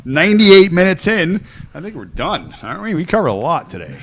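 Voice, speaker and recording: A man's voice: high voice, very animated, fairly quick, slightly rough. A man co-hosting a podcast, dry and laid-back with teasing asides. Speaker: podcast co-host. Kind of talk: casual chat.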